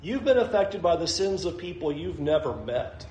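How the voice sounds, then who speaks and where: Emphatic high-voiced male preacher. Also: very animated, normal speed, a little mellow, roomy sound, slight background noise, low-quality recording. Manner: emphatic, repeats phrases for effect, asks questions. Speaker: pastor. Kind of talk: sermon.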